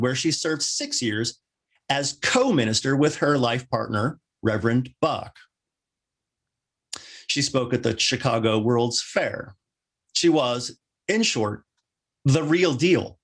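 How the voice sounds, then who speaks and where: A male minister delivering a sermon, with wry joking asides and lively rising emphasis. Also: medium pitch, measured pace.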